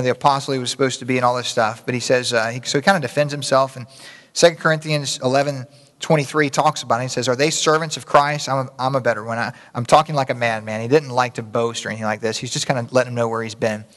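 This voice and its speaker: A man's voice: medium pitch, a bit bright. Folksy preacher man in a reverberant hall. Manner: conversational, folksy, frequent restarts and asides to the congregation. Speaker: pastor. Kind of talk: sermon.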